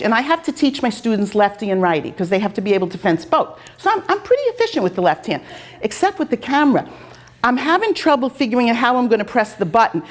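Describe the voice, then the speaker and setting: A woman host, a fencing coach, telling casual anecdotes in a chatty, self-deprecating way. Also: sits high.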